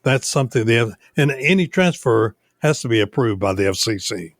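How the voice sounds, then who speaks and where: An older man, a radio station owner, telling stories unhurriedly in a casual interview, with many pauses. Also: medium pitch, animated, no echo, studio quality. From United States.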